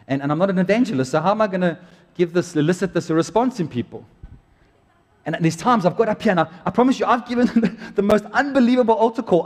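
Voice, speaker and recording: A man preaching a sermon to his church in a chatty, joking way with animated bursts. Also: medium pitch. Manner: conversational, jokey preaching with animated outbursts. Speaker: pastor. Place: church auditorium. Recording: long hall reverb.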